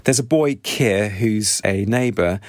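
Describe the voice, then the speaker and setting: Low-voiced man summarizing a novel. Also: slow pace, dry recording. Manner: earnest, sympathetic asides. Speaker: book reviewer. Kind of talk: book summary talk.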